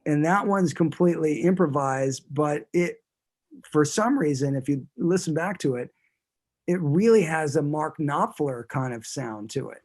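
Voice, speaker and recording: A man's voice: a little high, expressive, measured pace, a little mellow. Rambling man in a casual interview. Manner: rambling, many restarts. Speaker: guest musician.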